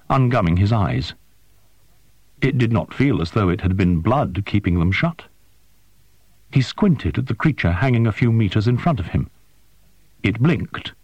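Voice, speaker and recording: A man narrating a science-fiction story in a measured, expressive way. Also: mid-range voice, dry recording. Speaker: audiobook narrator. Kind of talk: scripted narration.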